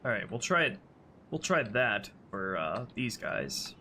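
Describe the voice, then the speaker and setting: A man's voice: on the low side, a little slow, a little hiss or hum. A man with a stuffy, congested voice, casually thinking aloud as he edits a game level. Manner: thinking aloud, relaxed and offhand. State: congested sinuses. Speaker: game modder and streamer. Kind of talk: casual commentary while modding a game. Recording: music playing underneath.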